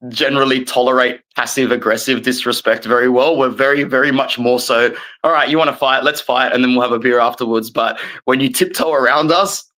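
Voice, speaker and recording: A man's voice: medium pitch, fairly even intonation, fairly quick, hardly any pauses, sharp tone, low-quality recording. A man, a guest in a casual football chat, talking with passion and rambling on. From Australia.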